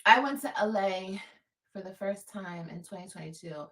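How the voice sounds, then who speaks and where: A woman's voice: mid-range voice, normal speed, fairly bright tone, recorded from a distance, low-quality recording. A woman from Los Angeles chatting casually on a livestream, emphatic and repeating her points. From Los Angeles, California.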